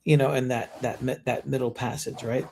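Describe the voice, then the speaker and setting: Gravelly man telling a story, animated. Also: mid-range voice, normal speed, a little hiss or hum. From Colombia. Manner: storytelling, animated, frequent "you know". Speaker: podcast co-host. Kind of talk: casual chat.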